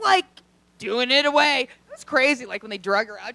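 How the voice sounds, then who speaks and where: A woman doing a stand-up comedy set on a club stage into a handheld mic, brash and profane, with loud outbursts and acted-out quotes. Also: high voice, big pitch swings, normal speed, vocal fry, slight background noise.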